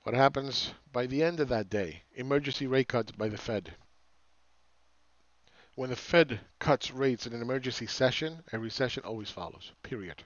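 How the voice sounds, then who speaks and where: Guy ranting on his market vlog, sarcastic and fed up, dull dry sound, average pitch. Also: normal speed, dry recording. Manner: sarcastic, exasperated, repeats phrases for emphasis. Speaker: market analyst host. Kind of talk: ranting commentary to camera.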